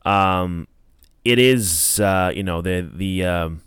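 A man's voice: deep voice, slow, a bit bright, clean tone, dry recording, clean studio sound. A young man casually reviewing wrestling as a podcast host, rambling with many fillers and acting out quotes.

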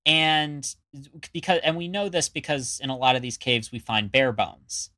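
A man's voice: medium pitch, expressive, moderate pace, sharp tone. A man co-hosting a casual podcast, talking in a rambling way with many fillers and restarts. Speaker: podcast co-host. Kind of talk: casual chat.

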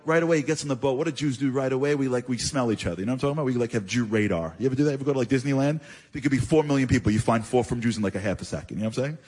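Husky man telling a lively story. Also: medium pitch. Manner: chatty, addresses listeners directly; animated, with quick asides and repeated phrases. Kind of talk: conversational religious storytelling.

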